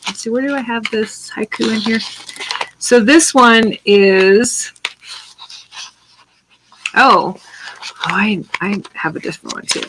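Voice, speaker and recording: A woman's voice: on the high side, slow pace, long pauses, background noise. A middle-aged woman chatting casually while she paints on a live stream, rambling with many restarts and answering viewer comments.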